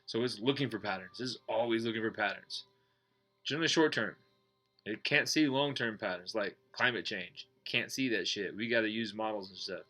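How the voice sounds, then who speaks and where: A man teaching meditation in a casual, blunt way, swearing and joking, and going soft and slow when he guides the breathing. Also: fairly low pitch, soft background music. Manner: slows and softens when guiding breathing. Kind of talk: casual explanatory talk.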